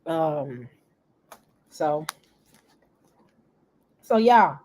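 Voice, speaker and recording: A woman's voice: sits low, expressive, very slow, mellow. A middle-aged woman, hosting a laid-back livestream and greeting viewers as they join. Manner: greets viewers repeatedly, laid-back, coughs now and then. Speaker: livestream host. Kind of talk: casual livestream chat.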